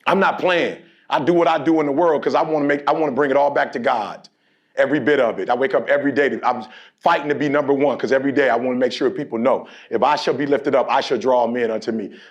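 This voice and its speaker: A man giving an energetic motivational speech, leading the crowd in call-and-response and building to shouts, with slang-filled storytelling. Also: medium pitch, fast, muffled recording. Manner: slips into street slang and storytelling. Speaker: motivational speaker.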